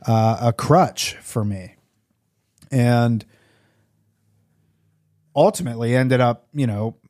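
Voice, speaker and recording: A man's voice: mid-range voice, darkish tone, no room sound, clean studio sound. A man co-hosting a recovery podcast, talking candidly in a rambling way with lots of fillers. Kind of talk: casual conversation.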